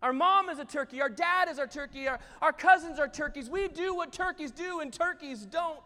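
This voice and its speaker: A man's voice: very high-pitched, very animated, moderate pace, vocal fry, pitched above the performer's own voice, exaggerated voice. A man voicing a stubborn young male turkey who scolds his brother in an insistent, repetitive way, in a church hall with reverb. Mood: scolding.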